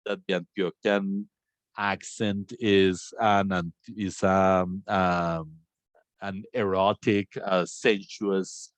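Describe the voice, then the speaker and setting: Man, Colombian accent, low voice, dry close sound, reflective, halting, video call. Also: level tone, no echo. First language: Spanish. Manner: reflective, halting, many restarts. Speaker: conversation host. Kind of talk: online academic discussion.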